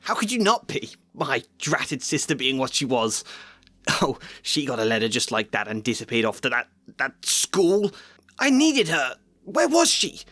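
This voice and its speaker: A man's voice: fairly high pitch, bright, forceful tone, no echo, voice pushed up, full character voice. A man reading aloud and voicing a bitter, jealous middle-aged aunt who shrieks and rants. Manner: shrieking, ranting.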